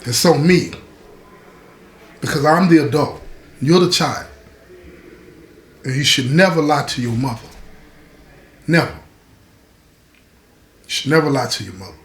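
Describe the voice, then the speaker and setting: A man's voice: on the high side, animated, measured pace, long pauses. A man playing a remorseful stepfather who earnestly takes the blame. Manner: earnest, apologetic. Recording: roomy echo.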